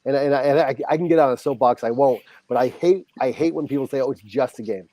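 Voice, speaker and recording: A middle-aged man speaks in an ordinary mid-range voice, sharing an earnest, heartfelt story as a podcast guest. As a high school football coach, he acts out the back-and-forth dialogue with warmth and conviction. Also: quick pace.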